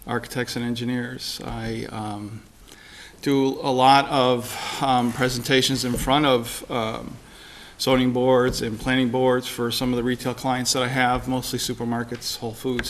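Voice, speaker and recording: A man in his forties answers a council's questions in a businesslike way, punctuated by filler words. His voice sits at an ordinary pitch, with a little faint noise in the background. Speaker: board appointee. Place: city council chamber.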